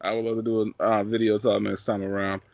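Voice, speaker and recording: A man's voice: lowish voice, fast, vocal fry, no echo, highs cut off. A man hosting a podcast, joking and chatting casually with a guest. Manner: jokey, animated, laughs often. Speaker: podcast host. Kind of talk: casual chat.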